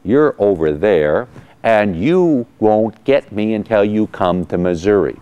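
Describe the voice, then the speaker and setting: A man's voice: fairly low pitch, lively intonation, slow pace, warm tone, clear, resonant tone, dull audio. A man voicing a stubborn male car seller who dismisses the buyer and stalls. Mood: dismissive.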